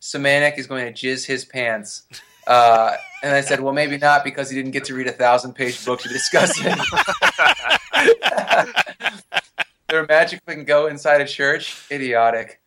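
A man's voice: mid-range voice, wildly swooping pitch, unhurried, bright, forceful tone, slight background noise. Man mocking a movie with wry asides. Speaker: podcast co-host. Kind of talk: casual chat.

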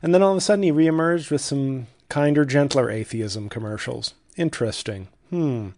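A man's voice: medium pitch, normal speed, darkish tone. A man hosting his own comedy podcast alone, talking in a sardonic, profane, self-mocking ramble from a home studio. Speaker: podcast host. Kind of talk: solo comedic podcast monologue.

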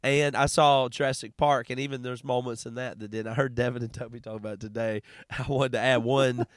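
A man's voice: medium pitch, fairly even intonation, a little fast, no echo, clean studio sound. A man co-hosting a casual podcast, teasing the others with mock-earnest jokes. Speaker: podcast co-host. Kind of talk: casual chat.

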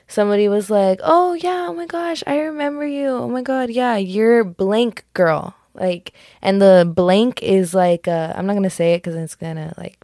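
A young woman runs a solo podcast, rambling casually, giggling, fixing what she says, and shrugging things off as jokes with many a "like" and "just kidding." Her voice is on the low side and darkish, captured cleanly in a studio with no echo.

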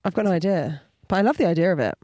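A woman from England co-hosting a podcast, dropping dry, deadpan quips. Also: on the low side, racing, dry recording. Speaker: podcast co-host. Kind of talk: casual comedic chat.

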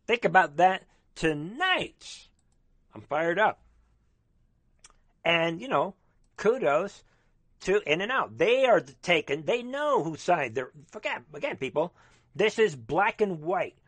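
A man with a somewhat high voice rants in a fervent monologue, rambling and calling out to his listeners again and again. His delivery is urgent and emphatic. The sound is dry, with no room echo. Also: sing-song, takes it slowly, pauses often, a bit bright. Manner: fervent, rambling, repeatedly addressing the audience. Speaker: commentator. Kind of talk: ranting political monologue.

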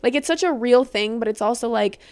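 Young woman host, fairly high voice, chatty and rambling, giggles, swears casually; podcast chat. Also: a little fast, a little mellow, smooth.

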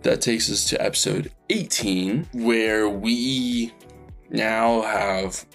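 A man's voice: lowish voice, slow, vocal fry, fairly bright tone, faint music behind. A man who runs a tabletop game podcast, chatting through a recap and apologizing for his mistakes with many fillers. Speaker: podcast dungeon master. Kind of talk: casual solo recap.

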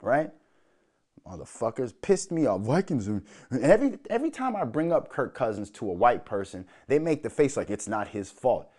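The Minnesotan podcast host's mid-range voice swings widely in pitch at a moderate pace. Angry and loud, he fills his solo rant with profanity and mocking imitations of others.

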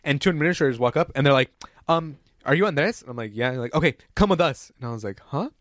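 A man's voice: mid-range voice, very fast, no echo, studio quality. A young man casually telling a profane school story on a podcast, acting out the people he quotes. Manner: profane, acts out quoted voices.

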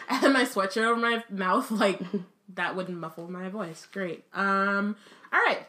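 A woman's voice: medium pitch, a little slow, bright, forceful tone. Tired woman podcast co-host, casual and filler-heavy, laughs easily. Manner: laughs often, lots of fillers. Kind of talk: casual chat.

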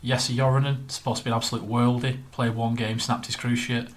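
A man's voice: mid-range voice, flat delivery, brisk. A man co-hosting a casual football podcast, chatting and reeling off lists of names with plenty of fillers. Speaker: podcast co-host.

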